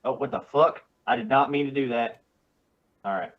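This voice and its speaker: A man's voice: medium pitch, normal speed. A man playing a tabletop game, hesitant and casually swearing as he decides his moves. His mid-range voice comes through a dull, lo-fi mic. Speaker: player.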